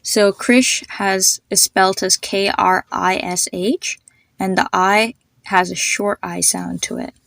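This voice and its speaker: A woman hosting a podcast, patiently explaining pronunciation, spelling words out letter by letter and slowing down to demonstrate each sound. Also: medium pitch, steady tone, gravelly, a bit bright, dry recording. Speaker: podcast host.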